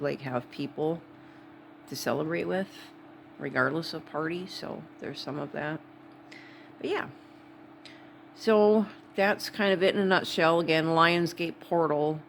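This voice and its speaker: A woman's voice: low-pitched, animated, measured pace, gravelly, a bit bright, a little hiss or hum. A woman from Wisconsin with a Wisconsin accent, talking to camera in a rambling, digressive vlog. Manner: rambling, digressive, full of asides. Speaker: vlogger. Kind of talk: casual rambling monologue.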